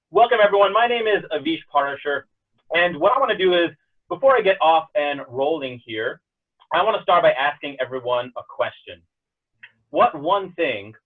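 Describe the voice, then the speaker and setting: A man giving a lively, upbeat motivational keynote on a webinar call, talking straight to the audience. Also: a little high. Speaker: keynote speaker. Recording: tinny phone-like webinar audio.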